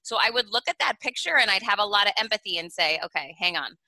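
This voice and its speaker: A woman's voice: mid-range voice, expressive, fast, bright, forceful tone, no room sound, rough recording. A woman in her forties, a guest author on an interview podcast, telling stories animatedly and slipping into sing-song baby talk to act them out.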